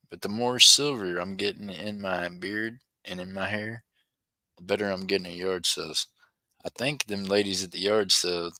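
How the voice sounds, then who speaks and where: Reading out viewer comments and chuckling frequently, a middle-aged livestream auction host chats casually with his audience. His voice is low, pushed, and bright, captured without echo in a low-quality recording.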